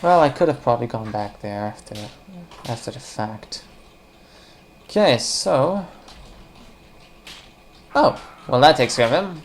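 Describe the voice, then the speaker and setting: A woman's voice: a bass voice, animated, a little slow, pauses often, slight background noise. A woman casually commenting on a puzzle game as she plays, rambling and joking, talking to the viewers and the game characters. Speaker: let's play commentator.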